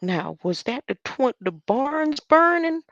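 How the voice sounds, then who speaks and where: Slow, gravelly woman with rhetorical questions. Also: high-pitched, big pitch swings, a bit bright, dry recording. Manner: asks rhetorical questions, talks back to the clip. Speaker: commentator reacting to a speech. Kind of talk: conspiratorial commentary. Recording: dull lo-fi dry recording.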